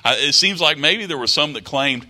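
A male pastor delivering an emphatic sermon, quoting scripture and driving his points home by repetition. His voice is bright and forceful, and his pitch rises and falls with lively animation. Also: normal speed. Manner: emphatic, repeats phrases, quotes scripture.

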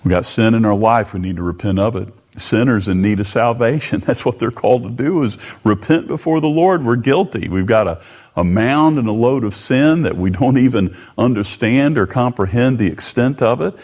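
A man's voice: mid-range voice, darkish tone. A man preaching a sermon, reading scripture and repeating phrases as he explains them. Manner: slow and deliberate, reading scripture aloud with commentary.

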